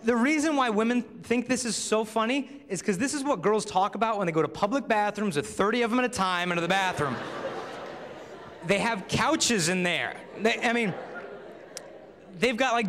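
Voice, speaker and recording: A young adult man giving a humorous talk at a high school assembly, telling stories and acting out quoted voices. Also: normal speed, a faint crowd. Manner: animated storytelling, acts out quoted voices. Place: large school auditorium. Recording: long hall reverb.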